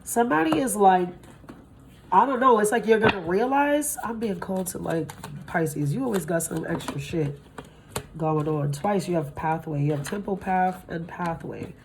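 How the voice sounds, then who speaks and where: A woman in her thirties giving a casual tarot reading, tired from little sleep, blunt and profane, her voice jumping up in pitch when she gets excited. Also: moderate pace, background noise. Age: 30s. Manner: blunt and profane, swears freely. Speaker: tarot reader.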